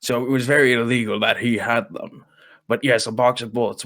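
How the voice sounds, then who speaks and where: A man's voice: medium pitch, fairly even intonation, fairly quick, fairly bright tone. A man co-hosting a casual podcast, telling a story in a put-on British accent and humming little filler syllables between sentences. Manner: keeps up a mock British voice, hums little "pa pa pa" fillers. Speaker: podcast co-host.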